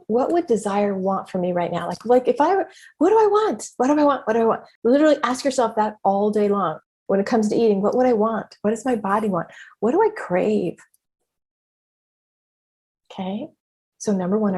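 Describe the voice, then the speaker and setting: A middle-aged woman who hosts a podcast and mentors in business reflects casually, candid and expressive, swearing freely. Her voice is mid-range with a darkish, slightly rough tone.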